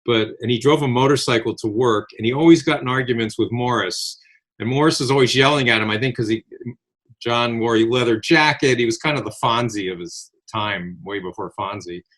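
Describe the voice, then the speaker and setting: A man's voice: medium pitch, a little fast. Older man telling stories casually. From Connecticut, USA. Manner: animated anecdotal storyteller, acts out quoted voices. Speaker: podcast co-host. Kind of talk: casual reminiscing storytelling.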